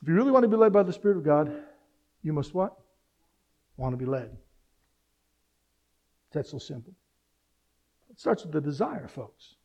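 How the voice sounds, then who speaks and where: High-voiced animated male preacher. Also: moderate pace, pauses often, lo-fi sound. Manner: animated preaching with rhetorical questions and humor. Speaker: pastor. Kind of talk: sermon.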